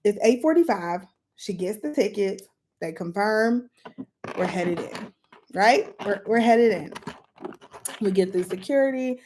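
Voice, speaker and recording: A woman chatting casually in a storytime vlog, retelling events in a lively way while doing her makeup. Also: measured pace, pauses often, a little hiss or hum. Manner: lively, animated retelling with sudden jumps in pitch and volume. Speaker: vlogger telling a story.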